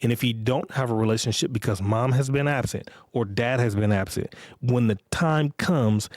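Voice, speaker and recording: A man's voice: mid-range voice, a little mellow, dry recording, clean studio sound. A middle-aged man hosting a podcast, talking in a blunt, profane, emphatic monologue and often repeating himself. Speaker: podcast host. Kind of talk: casual monologue.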